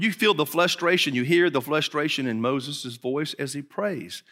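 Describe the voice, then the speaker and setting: A male pastor preaches with emphatic urgency, his voice sitting high and bright. He drops low and quiet, then climbs back up. The sound carries a long reverb from a large hall. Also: normal speed, hardly any pauses. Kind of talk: sermon.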